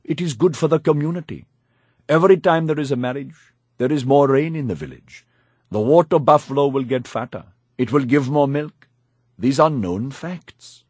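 A man's voice: medium pitch, animated, normal speed, darkish tone, slightly rough, dry recording, pitched above the performer's own voice. A man voicing a scheming old village grandmother, bossy and coaxing in a matter-of-fact way, in an audiobook narration.

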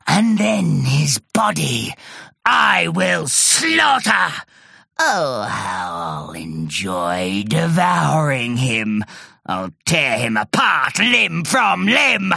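A woman's voice: a bass voice, very animated, extremely slow, vocal fry, hardly any pauses, husky, no room sound, clean studio sound, pitched below the performer's own voice, heavily acted. A woman voicing a sneaky, gloating female sea monster with a gurgling voice, in a storybook reading. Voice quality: gurgling, gloating, sing-song menace.

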